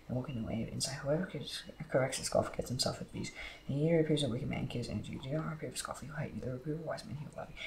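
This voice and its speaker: A man's voice: medium pitch, creaky. Man reading scripture in an echoey room. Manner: steady reading with slips and restarts. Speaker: Bible reader. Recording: echoey room with background noise.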